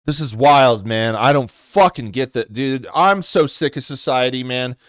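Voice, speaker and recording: A man's voice: mid-range voice, unhurried, fairly bright tone, no echo, clean studio sound. A young man hosting angry reaction commentary, ranting in an exasperated way and swearing often. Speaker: commentary host.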